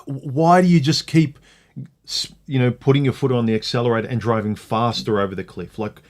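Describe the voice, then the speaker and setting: A man's voice: medium pitch, fairly even intonation, brisk, a little mellow. A middle-aged man hosting a casual livestream chat, opinionated and ranting, with many "like"s. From Australia. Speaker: livestream host.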